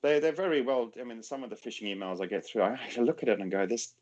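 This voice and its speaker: A man hosting a podcast in casual chat, animated and acting out quoted voices as he tells stories. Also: medium pitch, fast talker, a little hiss or hum. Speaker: podcast host.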